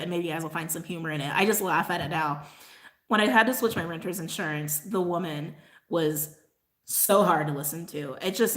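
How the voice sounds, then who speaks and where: A woman's voice: mid-range voice, fairly bright tone. A woman hosting a casual livestream, talking loosely and at length. She rants with a constant "like", breaks into laughs and keeps apologizing to her viewers. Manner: rambling, ranting, heavy use of "like", laughs often; apologetic asides. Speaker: tarot channel host.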